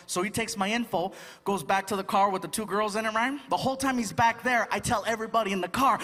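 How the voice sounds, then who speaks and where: High-voiced comedian telling a story. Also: male voice, fast talker. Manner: animated, acts out every character. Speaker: stand-up comedian. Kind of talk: stand-up storytelling. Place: live comedy venue. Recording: echoey live venue with crowd ambience.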